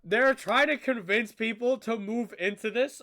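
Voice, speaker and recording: A man giving casual reaction commentary as a streamer, excitable and ranting back at the screen. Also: extremely high pitch, a little slow.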